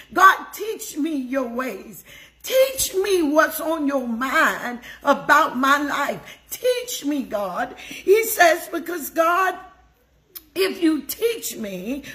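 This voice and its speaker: Older woman preacher, high voice, slow and emotive delivery. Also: bright, forceful tone. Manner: emotive, repeats phrases, greets viewers by name. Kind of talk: devotional sermon.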